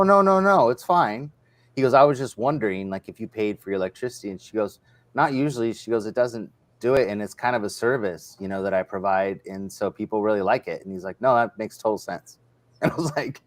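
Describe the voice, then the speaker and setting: A man's voice: fairly low pitch, no room sound. A man hosting a casual livestream chat, telling stories in a rambling way with many restarts. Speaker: host.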